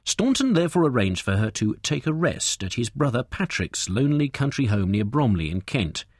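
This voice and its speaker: A man's voice: moderate pace, slightly rough, dry recording, clean studio sound. A man giving a scripted true-crime narration in a dramatic storytelling manner. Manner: dramatic storytelling with lively pitch swings.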